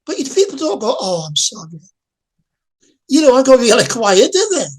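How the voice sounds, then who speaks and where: A woman's voice: high voice, very animated, quick pace, darkish tone. A woman living with dementia, talking earnestly and directly to the listener in an interview. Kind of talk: interview testimony.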